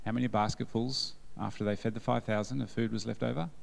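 A man's voice: lowish voice, fairly even intonation, quick pace, vocal fry, long reverb tail. A man preaching at a church service, joking and quizzing the congregation as he goes. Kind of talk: sermon.

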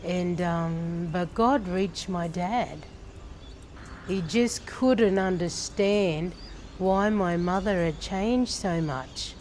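A woman's voice: lowish voice, a little mellow, slight background noise. A middle-aged Australian woman from a church leadership team, sharing a personal faith testimony in an earnest, storytelling way. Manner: slow, earnest storytelling with pauses and laughs.

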